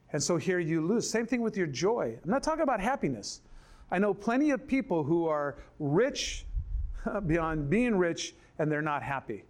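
An older man preaching a sermon, telling stories in animated fashion, acting out other people's voices and dropping low and slow for scripture. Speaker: pastor. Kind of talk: sermon with storytelling.

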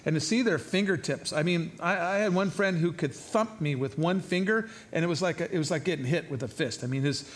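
Middle-aged guy pastor preaching, kinda high voice, chatty and jokey but gets emphatic. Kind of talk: sermon.

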